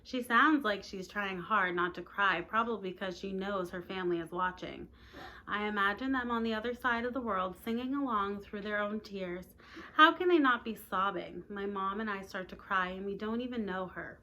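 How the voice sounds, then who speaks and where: Teacher reads a novel aloud at home, bright voice, casual asides, light room noise. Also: female voice, mid-range voice, normal speed. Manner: plain reading voice, chatty asides to listeners.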